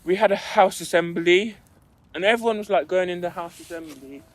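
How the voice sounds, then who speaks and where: Young man telling a story, higher voice. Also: fairly even intonation, brisk. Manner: storytelling, acts out quotes in his stories. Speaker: podcast co-host. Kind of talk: casual chat.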